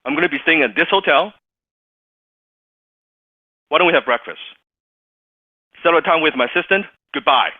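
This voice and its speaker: A man's voice: on the high side, expressive, moderate pace, long pauses, dry recording, voice pushed up. A man voicing a blunt, foul-mouthed male business mogul who gives orders without asking. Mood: brash. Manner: blunt and commanding. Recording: dry, tinny phone-like sound.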